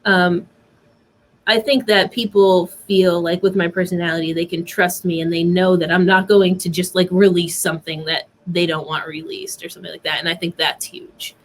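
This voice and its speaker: A woman's voice: lowish voice, level tone, moderate pace, slight background noise. A woman speaking as a guest on a casual podcast, chatty with lots of "like" and "um". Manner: casual, fillers like "like" and "um". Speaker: guest, concert photographer. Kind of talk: casual interview chat.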